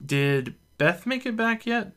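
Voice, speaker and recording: A man voicing a forgetful young man who speaks in an unhurried, absent-minded way for a story reading. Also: high-pitched, lively intonation, a bit bright, voice pushed up, full character voice. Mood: puzzled.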